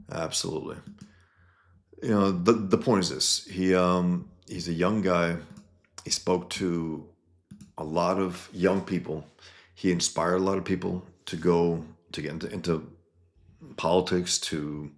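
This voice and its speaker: A man with a very low, deep voice talks in a blunt, heated way and swears often. He gives casual commentary and reads out comments from the internet.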